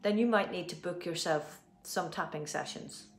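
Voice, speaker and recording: Low-voiced Irish woman guiding tapping. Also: faint music behind. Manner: slow, soothing affirmations with spoken instructions. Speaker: tapping practitioner. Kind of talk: guided tapping session, live video. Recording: roomy echo.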